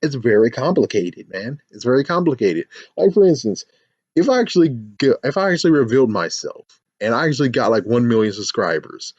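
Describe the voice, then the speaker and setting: A man giving a casual, animated review of a TV episode, jumping into squealing fan voices now and then. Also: medium pitch, a little fast, slightly rough, no echo, lo-fi sound. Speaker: YouTube show reviewer.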